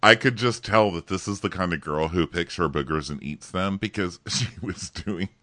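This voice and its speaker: A man co-hosting a casual comedic chat, sarcastic and mocking, laughing often and breaking into shrill mimicry. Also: normal speed, bright, forceful tone, no room sound. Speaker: podcast co-host.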